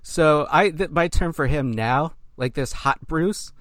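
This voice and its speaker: A man's voice: on the high side, measured pace, no room sound. A man co-hosting a podcast, recapping a cartoon episode in casual chat and acting out characters' lines. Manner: animated storyteller, acts out characters' lines. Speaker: podcast co-host.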